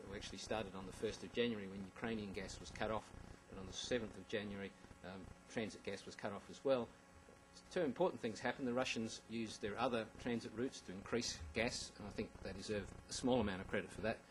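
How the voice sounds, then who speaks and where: Fast-talking man giving a slide presentation. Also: on the low side, slight background noise, poor audio. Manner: wry asides, frequent ums and restarts. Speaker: conference speaker.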